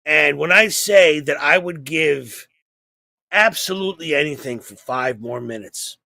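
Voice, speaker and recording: A man co-hosting a podcast in casual chat, rambling and animated, acting out quoted voices. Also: fairly high pitch, measured pace, creaky, no echo. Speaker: podcast co-host.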